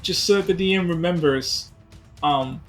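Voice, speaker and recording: A man's voice: fairly high pitch, moderate pace, fairly bright tone, faint music behind. A man playing in a tabletop game, chatting casually and interjecting insistently. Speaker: player.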